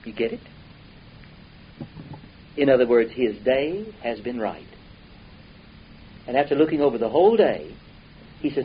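A man's voice: mid-range voice, sing-song, normal speed, pauses often. A man preaches in a folksy, emphatic style, his voice swelling and then falling to a murmur. The recording sounds dull and lo-fi, with a faint hiss underneath. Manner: folksy, emphatic, rising and dropping volume. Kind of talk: sermon.

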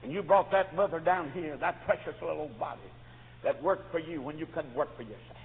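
A preacher delivering a revival sermon, swinging from hushed storytelling to loud fervent shouts. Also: male voice, on the high side, a little fast. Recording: tinny lo-fi recording in a reverberant church.

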